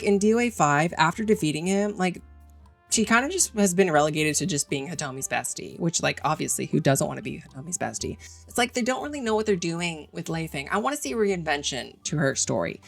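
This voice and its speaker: A woman ranking game characters in casual, gushing commentary, chatty and full of fillers. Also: sits low.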